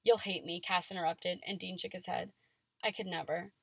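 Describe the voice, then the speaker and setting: A woman's voice: fairly low pitch, fairly even intonation, moderate pace, creaky, no echo. A woman reading fan fiction aloud on a casual podcast, giving the dialogue playful emphasis and chatting between passages.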